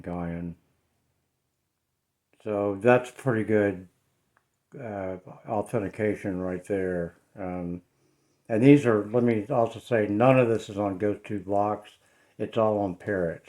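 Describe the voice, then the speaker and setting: A man's voice: fairly low pitch, a little mellow. A man talking casually in a home vlog, hesitant and uneasy, with lots of ums and uhs. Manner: hesitant, many fillers, uneasy. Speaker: paranormal vlogger. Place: his home, indoors.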